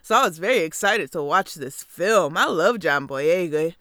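A woman's voice: fairly low pitch, lively intonation, normal speed, fairly bright tone, no echo, clean studio sound. A young woman hosting a casual comedic film review from a basement podcast setup, sassy and playful, with sudden whooping outbursts. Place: basement home studio.

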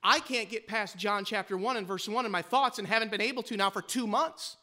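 A man's voice: high voice, brisk, pushed and bright. A male pastor preaching a sermon with fervor, pressing his listeners with rhetorical questions.

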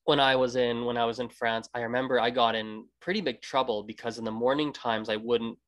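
A man's voice: medium pitch, fairly even intonation, a little fast, fairly bright tone. A Canadian man hosting a casual interview, rambling with many restarts. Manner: rambling, many restarts, acts out quoted greetings. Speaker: podcast host.

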